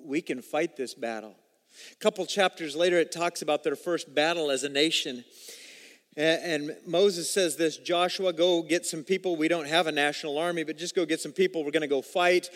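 A male pastor preaching a sermon with energetic delivery and swings from loud to quiet. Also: a little high. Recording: long reverb of a large hall.

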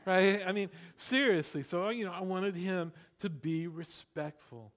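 A middle-aged man preaching a sermon in a lively, conversational way, with frequent asides to the congregation. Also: high-pitched, unhurried. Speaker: pastor. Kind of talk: sermon with storytelling.

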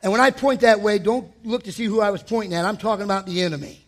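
A man preaching a sermon as pastor, swinging from hushed asides to shouted declarations. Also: high voice, fairly even intonation, quick pace, few pauses. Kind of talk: energetic sermon.

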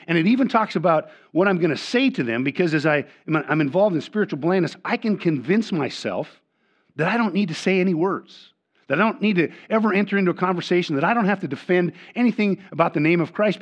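An older man preaching a sermon as pastor. He often repeats and restarts words, and he swings between loud, emphatic lines and quiet asides. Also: sits high, lively intonation, quick pace. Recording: dull lo-fi sermon recording.

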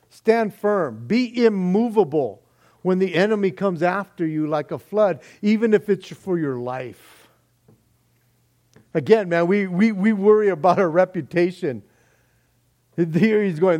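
Male pastor, sermon delivery, lively and conversational, higher-pitched voice. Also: unhurried. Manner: animated, acts out quoted voices, says "man" often.

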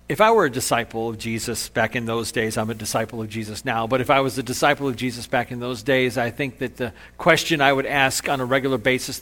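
A male pastor preaching a sermon in a conversational, animated way, acting out quotes as he retells a story. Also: medium pitch.

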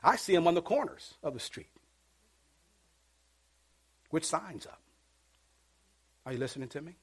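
Male pastor, high voice, sermon with call-and-response, soft passages building to shouted peaks. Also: animated, a little slow, slightly rough. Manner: swings from hushed to shouting, call-and-response preaching. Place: church.

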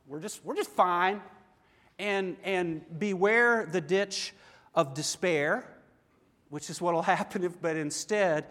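A middle-aged male pastor speaks in a high, light voice, earnest and conversational, turning often to questions for his listeners. His sermon rings out in a long, reverberant church hall.

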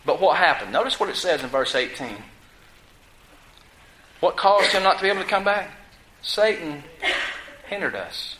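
A man's voice: high-pitched, expressive, moderate pace, long pauses, sharp tone, roomy sound, low-quality recording. A man preaching a sermon who keeps asking his congregation questions and answering them himself. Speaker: pastor.

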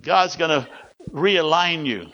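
Bright-voiced man preaching a sermon. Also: fairly high pitch, expressive, slow. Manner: storytelling preacher, emphatic exhortations. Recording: dull lo-fi recording.

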